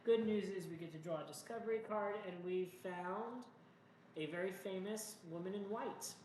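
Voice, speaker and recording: A board game player and host runs through a solo playthrough at home, rambling chattily and joking to himself along the way. He speaks with a high-pitched, slightly mellow voice at a moderate pace, and the room sounds echoey with faint noise.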